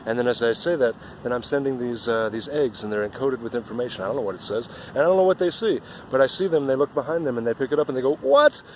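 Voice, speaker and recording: A man's voice: medium pitch, rapid-fire, few pauses, a little mellow, slight background noise. A man giving an earnest, rambling spiritual monologue outdoors, often repeating himself.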